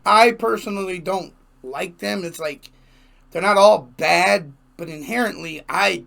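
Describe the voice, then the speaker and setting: High-voiced gravelly man reacting to music. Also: measured pace, a little hiss or hum. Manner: animated, emphatic, repeats himself. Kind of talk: casual reaction commentary.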